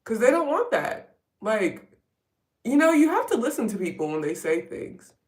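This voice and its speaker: A woman vlogger with a fairly high, sing-song voice chats at a moderate pace during a live get-ready stream at home. She rambles casually with wry asides as she does her makeup, and the audio is roomy and distant.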